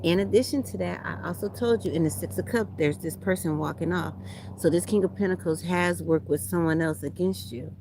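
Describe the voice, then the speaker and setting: A woman's voice: fairly low pitch, fairly quick, noisy background. A woman, doing a casual livestream tarot reading outdoors at a beach, talking bluntly and profanely to her viewers. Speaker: tarot reader.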